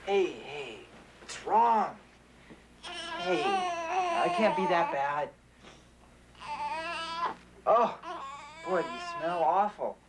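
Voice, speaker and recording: A young male actor playing a teenage boy, a high school senior overwhelmed as a new father, pleading and near tears in a 1980s TV drama. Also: wildly swooping pitch, extremely slow, long pauses, full character voice. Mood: frustrated. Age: teens. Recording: hissy old TV film audio.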